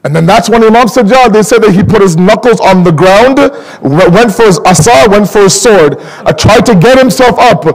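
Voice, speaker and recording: A man speaking at a mourning gathering, telling a sorrowful story with emotion and slowing down to stretch words for emphasis. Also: expressive, in a large hall, rough recording. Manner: emotional, rising to high pleading pitch in grief passages. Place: community religious center.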